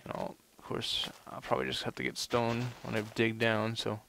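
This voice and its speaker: A man's voice: medium pitch, level tone, normal speed, gravelly, fairly bright tone, slight background noise. A young man giving casual let's play commentary, rambling and full of "you know" fillers. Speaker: gameplay commentator.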